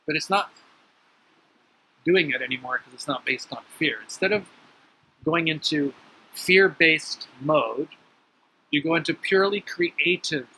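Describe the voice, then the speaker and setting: A man telling stories in a motivational talk about the mind, emphatic, with sudden lively jumps in pitch. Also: a little slow, pauses often, slight background noise, poor audio. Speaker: spiritual teacher.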